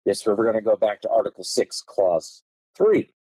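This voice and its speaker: A man explaining law on a podcast, reading passages aloud and hammering key words with swooping, lively pitch. His voice is dark and slightly husky, recorded dry and close. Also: moderate pace, no room sound, rough recording. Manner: emphatic, stresses key words with tone changes; reads legal texts aloud in a lecturing way. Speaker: podcast guest.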